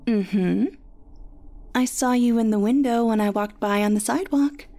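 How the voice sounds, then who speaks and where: A woman's voice: high-pitched, lively intonation, moderate pace, mellow, voice pushed up. A woman doing a bubbly, teasing girlfriend. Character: playful, teasing young woman friend on the phone.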